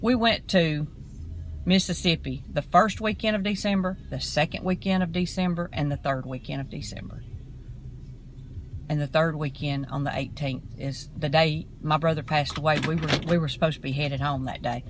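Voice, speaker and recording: A woman's voice: low-pitched, fairly even intonation, slight background noise, poor audio. Woman vlogging from her car. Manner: earnest, rambling, halting storytelling. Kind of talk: casual talk to camera.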